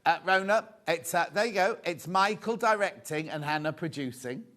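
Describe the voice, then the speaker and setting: Man, slightly high voice, cheerful shopping presenter, chatty sales patter, studio. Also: normal speed, fairly bright tone. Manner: chatty, cheerful, chats with crew off camera. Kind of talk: live on-air sales patter.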